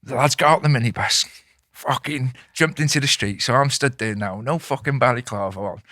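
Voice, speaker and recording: A man hosting a podcast, telling a story in casual chat, swearing constantly and loudly acting out the voices of the people in it. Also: medium pitch, fairly quick, no echo, clean studio sound. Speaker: podcast host.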